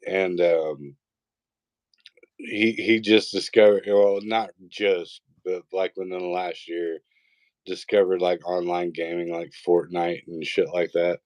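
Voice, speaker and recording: A man's voice: low-pitched, little pitch movement, slow pace, a little mellow, no echo. A man, a father in his thirties, chatting casually, an easygoing storyteller who swears. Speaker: co-host. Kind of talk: casual chat.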